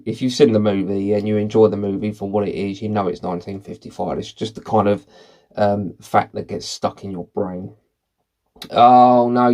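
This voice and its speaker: A man reading movie quiz questions aloud and thinking out loud about the answers in a casual, rambling way. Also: on the low side. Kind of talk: casual commentary while taking a quiz.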